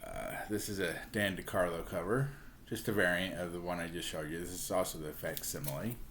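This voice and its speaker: Low-voiced man rambling about comics. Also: fairly even intonation, fairly quick, fairly bright tone, a little hiss or hum. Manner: chatty and rambling, with many fillers and restarts. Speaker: comic book collector. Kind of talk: casual show-and-tell vlog.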